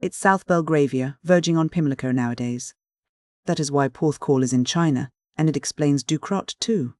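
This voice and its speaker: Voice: mid-range voice, darkish tone, dry recording, clean studio sound, lightly acted. An audiobook narrator voicing a chattering, theatrical middle-aged countess who gushes with gossip. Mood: cold. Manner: gushing, rapid, theatrical.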